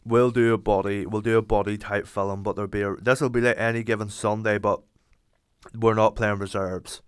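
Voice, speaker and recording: A young Irish man hosting a podcast, rambling excitably, swearing and acting out imagined conversations. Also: lowish voice, normal speed, clear, resonant tone, no room sound, clean studio sound. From Ireland. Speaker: podcast host. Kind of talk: casual monologue.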